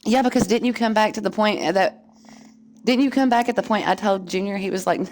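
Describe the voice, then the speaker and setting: A woman's voice: mid-range voice, fairly even intonation, normal speed. A woman streamer chatting casually with her viewers, candid and profane, often laughing. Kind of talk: casual chat.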